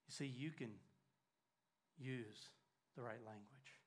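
An older man preaching a sermon, swinging from loud urgent emphasis to hushed, near-whispered lines. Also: mid-range voice, slow, long pauses, slightly rough.

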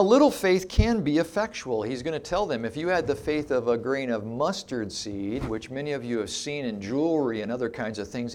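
In a slightly high voice, a middle-aged man preaches an expository sermon. He teaches with emphasis and asks his listeners rhetorical questions.

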